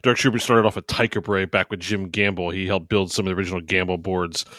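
A man hosting a podcast, speaking in a measured interviewer tone. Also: low voice, steady tone, a bit bright, no room sound, clean studio sound. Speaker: podcast host. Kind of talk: casual podcast chat.

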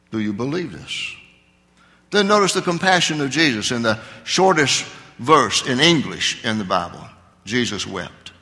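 A man preaching a sermon as a pastor, earnest, slowing down to stress key words. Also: mid-range voice, sharp tone, big-room sound. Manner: earnest preaching with slow emphatic stresses and fillers.

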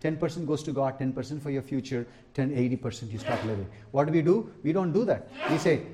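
A man's voice: fairly high pitch, quick pace, warm tone. Man preaching with emphatic repetition. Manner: emphatic preaching, repeats key lines, asks the congregation "Amen?". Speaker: pastor. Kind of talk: sermon.

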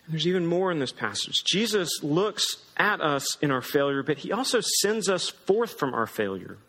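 A man's voice: a little high, big pitch swings, normal speed, bright, forceful tone. A man pastor preaching a sermon in a conversational, emphatic way. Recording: long hall reverb.

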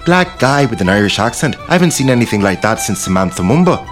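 A young man with an English accent hosts a casual talk show. His voice swoops lively up and down as he acts out the people in his stories. Faint music sits behind him. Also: fairly low pitch, fast. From England. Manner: animated, theatrical storytelling with mimicked voices. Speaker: radio host. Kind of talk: casual chat with storytelling.

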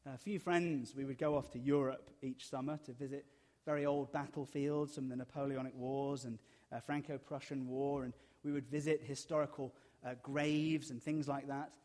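A man's voice: mid-range voice, fairly even intonation, moderate pace, a little mellow. A middle-aged man, preaching a sermon and telling stories with dry, self-mocking humor. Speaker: pastor.

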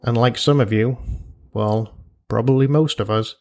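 A man hosts a solo personal finance podcast at a mid pitch, with a gravelly fry in his voice. He talks in a chatty, jokey way, full of asides and imagined quotes from listeners. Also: fairly even intonation, moderate pace, darkish tone. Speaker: podcast host.

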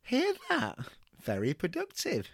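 A man's voice: high voice, wildly swooping pitch, measured pace, creaky, husky, no echo, clean studio sound, voice pushed up, heavily acted. A man playing a timid, apologetic middle-aged mother who stammers in a comedy sketch. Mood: flustered.

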